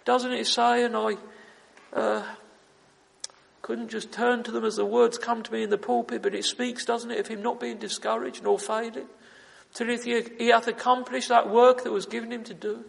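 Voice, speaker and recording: Male preacher, very high gravelly voice, fervent evening sermon, long church reverb. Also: flat delivery, normal speed. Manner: fervent, repeats "oh, friends", biblical phrasing.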